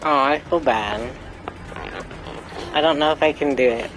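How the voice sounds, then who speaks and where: A woman's voice: low voice, a little slow, music in the background, low-quality recording. Giggly apologetic young woman streamer. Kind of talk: casual gameplay commentary.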